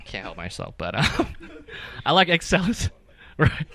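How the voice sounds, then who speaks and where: A young man works an open-mic crowd with loose, profane stand-up, constantly checking in with the room. His voice swings widely in pitch and has a bright, forward edge. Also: a little slow. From California. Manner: energetic, profane, keeps asking the crowd "right?". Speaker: stand-up comedian.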